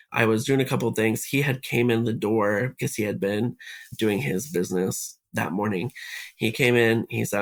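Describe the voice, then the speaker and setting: A man, a podcast guest, recounting what happened to him and acting out the conversations he had along the way. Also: fairly low pitch. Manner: retells events by acting out quoted dialogue. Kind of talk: recounting a personal story in conversation.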